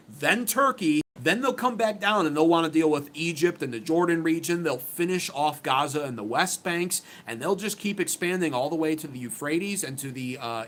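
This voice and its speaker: This American man's voice is slightly high with a fairly bright quality. On his own channel he offers pointed political opinions, sounding emphatic and sarcastic, and he often begins his sentences over.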